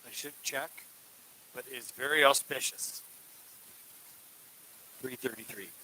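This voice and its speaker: A man co-hosting a casual podcast, retelling a story in an animated, easygoing way and dropping slang like "dude" and "man". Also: mid-range voice, slow pace, a little hiss or hum, poor audio. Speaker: podcast co-host. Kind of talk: casual chat.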